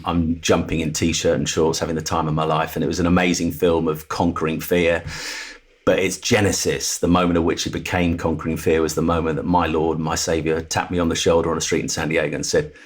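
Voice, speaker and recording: A middle-aged man speaks in a low, husky voice. He tells a personal story candidly and with animation, and he slips into the voices of the people he quotes. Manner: animated storyteller who acts out the voices of others. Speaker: podcast guest, TV presenter.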